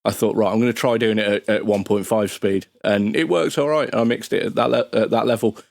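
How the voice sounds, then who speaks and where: A man's voice: on the low side, fairly quick, gravelly, darkish tone, no room sound, studio quality. A man chatting as a guest on a podcast, rambling and restarting his sentences. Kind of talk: casual podcast chat.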